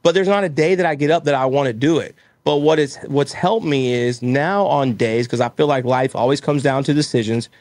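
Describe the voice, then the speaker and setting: A man's voice: mid-range voice, fairly quick, a little mellow, no echo. Earnest motivational man, dry sound. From Texas. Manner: earnest, motivational, acts out his own inner voice. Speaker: guest, roofing business owner. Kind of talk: casual interview storytelling.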